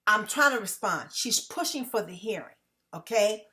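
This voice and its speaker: A tired woman talking fast and emphatically to her viewers in a casual vlog monologue, often checking in with "okay?". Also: medium pitch, animated, pushed and bright. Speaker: vlogger.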